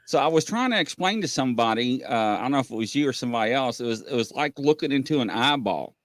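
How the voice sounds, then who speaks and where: A middle-aged man, hosting a casual live-stream chat and telling stories in an animated way. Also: mid-range voice, fast talker, no echo. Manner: animated storyteller, acts out voices. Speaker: host.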